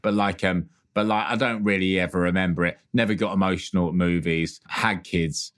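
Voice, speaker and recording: A man's voice: low-pitched, fairly even intonation, a little fast, a bit bright, smooth. A middle-aged man co-hosting a podcast, chatting candidly and joking, swearing casually. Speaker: podcast co-host. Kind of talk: casual chat.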